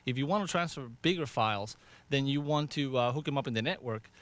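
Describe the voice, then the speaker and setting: A man acting as a show's Mac expert, explaining answers in a relaxed, good-humored way. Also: mid-range voice, brisk. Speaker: Mac expert on a talk show. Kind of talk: live radio talk show answers.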